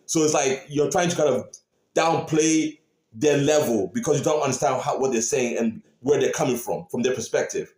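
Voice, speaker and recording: Animated man reacting in an echoey room. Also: mid-range voice, moderate pace. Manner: animated, repeats phrases, talks to viewers. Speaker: reaction video host. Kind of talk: casual reaction commentary. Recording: roomy echo.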